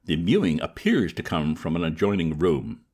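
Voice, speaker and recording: A man reading aloud, voicing a pompous, indignant older gentleman in a formal, lofty manner. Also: deep voice, big pitch swings, moderate pace, breathy edge, exaggerated voice.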